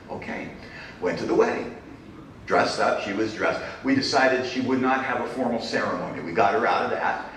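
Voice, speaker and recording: A man's voice: medium pitch, animated, brisk, a bit bright. Middle-aged male keynote speaker, punchy phrasing and dry wit, distant mic in a big reverberant hall. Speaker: keynote speaker, business professor. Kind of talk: conference keynote talk. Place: large conference hall. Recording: echoey hall, distant mic, faint noise.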